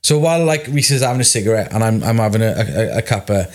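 A man, a tattoo artist telling a story in a casual podcast chat, animated and full of swearing. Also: on the low side, fast talker.

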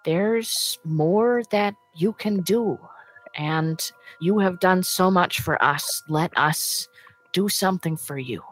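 A woman voicing a gentle halfling mother spirit. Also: on the low side, slow, soft background music, low-quality recording. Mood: tender. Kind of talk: tabletop game voice acting.

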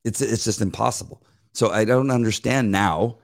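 A man's voice: lowish voice, normal speed, gravelly. A middle-aged man hosting a devotional podcast in a playful, rambling casual chat, laughing easily. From United States. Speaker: podcast host.

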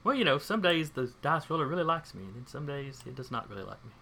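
A man running a tabletop role-playing game, narrating in a chatty, relaxed way. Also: medium pitch, fast talker, creaky, a little hiss or hum. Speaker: game master.

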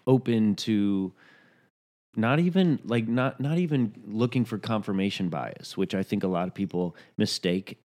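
A man's voice: lowish voice, normal speed, darkish tone. A man, a podcast host, talking thoughtfully in a casual conversation. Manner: reflective, thoughtful, speaks in considered phrases.

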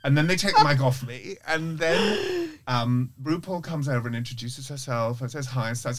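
A man's voice: medium pitch, normal speed. Rambling English man telling stories. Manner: rambling, animated anecdotes full of self-interruptions; frank, swears freely. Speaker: podcast guest, photographer. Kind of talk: casual interview storytelling.

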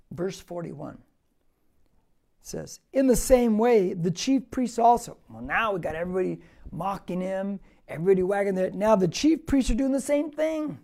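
A man's voice: high-pitched, creaky. A male pastor preaching a verse-by-verse sermon, emphatic and repeating phrases for stress. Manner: emphatic, with loud rises on key words; reads scripture aloud and repeats phrases for stress.

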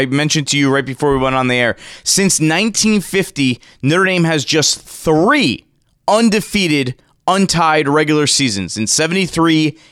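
A man hosting a sports radio show from a studio, energetic and rattling off stats and rankings. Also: a little high, smooth, no room sound. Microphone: studio microphone.

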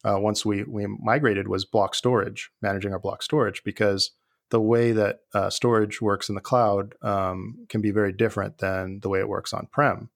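Gravelly low-voiced man in an interview. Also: moderate pace. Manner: relaxed, thoughtful, with fillers and restarts. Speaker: guest, former IT leader. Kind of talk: conversational interview.

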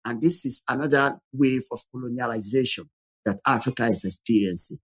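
Husky-voiced man telling a lively story. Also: medium pitch, a little fast, no room sound. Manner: animated storytelling, repeats words. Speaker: guest. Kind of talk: podcast conversation.

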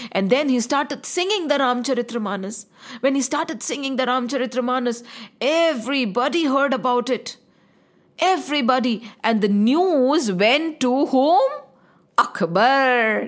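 A woman telling a devotional story to a child in an animated way, often asking the listener questions. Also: a little high.

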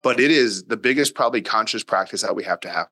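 Blunt, bright-voiced man on a podcast. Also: on the low side, quick pace, dry recording. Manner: emphatic, acts out dialogue with his daughter; blunt, occasional swearing. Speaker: podcast guest, father. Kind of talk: casual interview talk.

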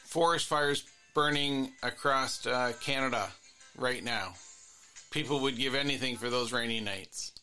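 Bright-voiced musing male therapist. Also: mid-range voice, a little slow, soft background music. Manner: musing, repetitive, earnest. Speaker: couples therapist and podcast host. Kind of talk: reflective solo monologue.

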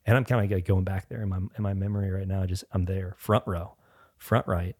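A man's voice: low voice, steady tone, brisk, a little mellow, no room sound, clean studio sound. A man sharing a personal faith testimony as a podcast guest, rambling, with frequent restarts and filler words.

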